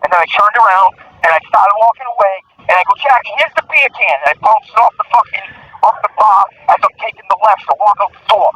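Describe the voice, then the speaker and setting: Profane man telling a story, high bright voice. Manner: profane, fast-running anecdote. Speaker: prisoner calling in. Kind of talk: rambling storytelling over a phone call. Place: prison phone. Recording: distant phone line with faint noise.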